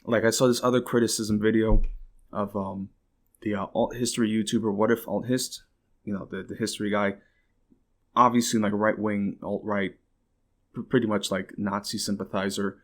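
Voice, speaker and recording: A man's voice: on the low side, level tone, normal speed. Rambling, indignant male podcast host. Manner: rambling, swears freely, leans hard on "like"; indignant, bursts out in exclaims. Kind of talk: casual political commentary.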